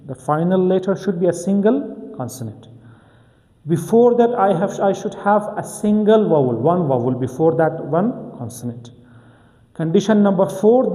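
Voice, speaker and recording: A man's voice: high voice, warm tone. Methodical male English teacher, reverberant room. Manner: methodical, repeats key points, asks and answers his own questions. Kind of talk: grammar lesson.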